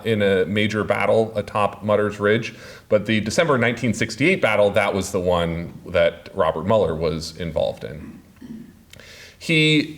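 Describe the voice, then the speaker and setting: Man lecturing, deep voice, slow and halting, lots of uhs. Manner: slow, halting, many uh fillers. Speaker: author giving a lecture. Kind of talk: public lecture.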